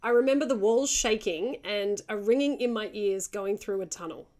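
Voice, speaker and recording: Co-hosting a casual podcast, a woman reads out stories from listeners and keeps breaking into giggles, chatty and prone to digressions. Her voice is mid-range and a little mellow, at a moderate pace.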